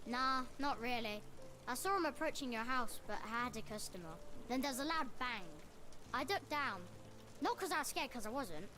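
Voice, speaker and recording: A woman plays a cocky young newsboy in a Cockney-tinged British accent, boastful and always angling for coins. The voice sits high. Clear music runs under the game audio. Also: animated, lightly acted. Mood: cheeky. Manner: cocky, boastful, quick to bargain. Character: cheeky, streetwise young newsboy.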